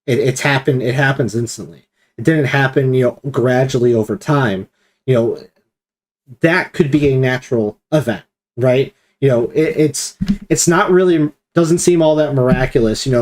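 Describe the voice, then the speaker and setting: A man's voice: mid-range voice, darkish tone. A man leading a streamed Bible study discussion, explaining at length and acting out quoted commands with emphasis.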